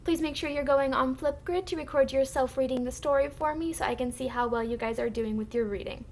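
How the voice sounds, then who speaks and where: High-voiced woman teaching early reading. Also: slight background noise. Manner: slow, clearly sounded-out words for children to repeat. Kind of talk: recorded phonics lesson for young children.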